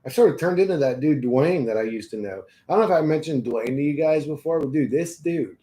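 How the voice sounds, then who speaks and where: A man's voice: fairly high pitch, darkish tone. Tired rambling man in an echoey room. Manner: tired, rambling, swears freely, laughs often. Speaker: vlogger. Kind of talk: casual rambling monologue.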